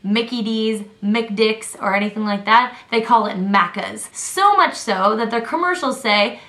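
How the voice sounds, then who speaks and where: A young woman chatting to camera in a casual, animated vlog, with exasperated asides. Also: fairly high pitch, unhurried. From Canada. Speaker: vlogger. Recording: roomy echoing room.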